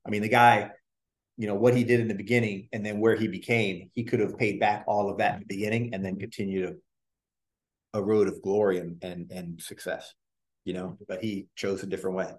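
A man in an interview telling casual stories about his music career, rambling with restarts and the odd swear. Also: on the low side. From Orlando. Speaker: guest, former boy band member.

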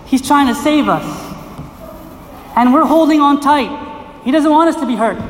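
A middle-aged male pastor preaching a lively sermon, acting out voices and questioning his listeners, recorded from a distance in a community center hall. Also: very high-pitched, normal speed, a little hiss or hum. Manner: animated, acts out quoted voices, asks the crowd questions. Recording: echoey hall, voice from far off.

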